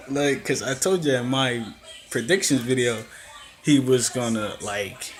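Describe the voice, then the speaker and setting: A young man casually recapping a wrestling event, telling it in an animated way and acting out quotes. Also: mid-range voice, a little slow. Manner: animated storytelling with acted-out quotes and laughs. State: coughing, throat acting up. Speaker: wrestling reviewer.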